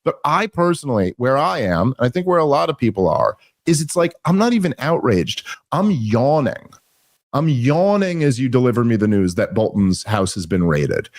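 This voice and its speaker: Man podcast host, sarcastic and animated rant, mid-pitched, dry studio mic. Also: no room sound. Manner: animated, sarcastic, rambling with restarts. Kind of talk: casual political commentary.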